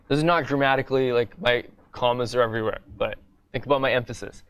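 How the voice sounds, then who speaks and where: A man's voice: mid-range voice, quick pace, fairly bright tone, clean tone. A man teaching a coding bootcamp lecture in a classroom, explaining step by step in a casual way and often asking "right?".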